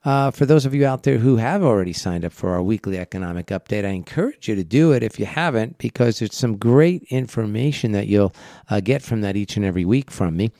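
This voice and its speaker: A man with a lowish voice hosts a laid-back financial radio talk show while fighting a head cold, so he sounds stuffed up. He keeps his delivery flat and monotone, rambling and padding with fillers. The studio sound is close and dry. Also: brisk, no echo. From eastern United States.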